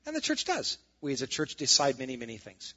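A man's voice: mid-range voice, huge pitch swings, a little fast, bright, forceful tone. Sarcastic man preaching a sermon, lo-fi. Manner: sarcastic, rising to emphatic asides. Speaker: pastor.

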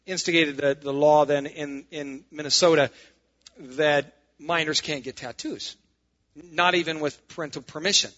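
A man's voice: a little high, bright, forceful tone. Sarcastic man preaching a sermon, lo-fi. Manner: sarcastic, rising to emphatic asides. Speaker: pastor.

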